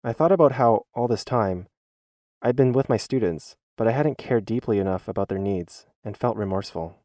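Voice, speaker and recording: Earnest male voice-over, low and mellow, dry close sound, reading a teacher's church testimony. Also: normal speed, no room sound. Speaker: schoolteacher giving a church testimony.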